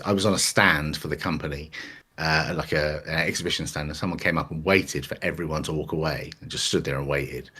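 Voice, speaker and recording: A man, chatting casually as a podcast guest, relaxed and self-deprecating. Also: deep voice. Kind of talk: casual chat.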